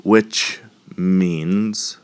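A man's voice: low voice, fairly even intonation, very slow, clean tone. A man hosting a casual solo podcast, rambling and joking, with a lingering cough. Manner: joking, rambling, laughs at own puns. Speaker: podcast host.

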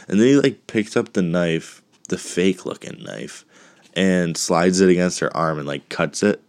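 A deep-voiced man with a cough works through a movie recap at an unhurried pace, rambling and swearing for laughs. His voice sounds close and dry, with no room around it. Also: no echo. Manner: rambling, profane and joking.

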